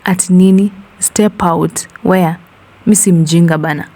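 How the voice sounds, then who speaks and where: A woman voicing a panicky young office man who blurts out rapid slangy outbursts. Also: lowish voice, steady tone, dark tone. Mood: panicked.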